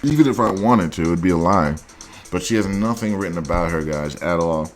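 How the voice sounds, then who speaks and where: Male dating host, very deep voice, blunt and crude, mocking tone, faint music underneath. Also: lively intonation, fairly quick. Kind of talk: reaction commentary on dating profiles.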